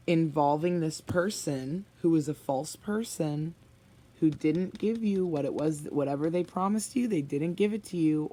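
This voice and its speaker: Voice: medium pitch, dark tone, a little hiss or hum. A tarot reader giving a spoken reading to viewers, blunt and emphatic, often sighing and sympathetic.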